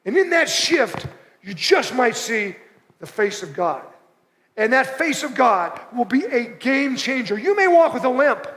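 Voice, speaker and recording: This pastor's very high, slightly bright voice swings widely in pitch as he preaches at a measured pace. Talking conversationally, he repeats short phrases to press his message, and the church hall's long reverb rings around him.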